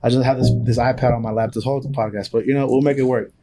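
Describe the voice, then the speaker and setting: A man's voice: medium pitch, steady tone, quick pace, mellow, faint music behind. A young man co-hosting a podcast in laid-back casual chat, joking and swearing freely. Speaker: podcast co-host.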